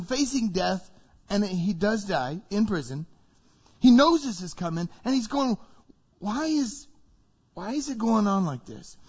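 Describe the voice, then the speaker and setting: In a muffled recording, a man with a high-pitched voice preaches a sermon. As he tells the story, he vividly acts out biblical figures, giving them lively quoted voices.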